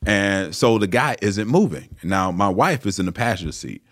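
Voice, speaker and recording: A man with a fairly low voice tells a personal story as an interview guest. He talks in a loose, animated way, often restarting his sentences and filling gaps with "you know" and "uh.". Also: normal speed. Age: 30s or older. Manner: animated, frequent fillers and restarts. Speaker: interview guest, former pro football player. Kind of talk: casual storytelling.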